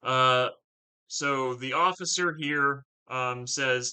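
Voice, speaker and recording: A man's voice: medium pitch, steady tone, takes it slowly, bright, forceful tone, clean tone, poor audio. A man teaching a play, reading passages aloud and explaining them casually with lots of fillers and "right?".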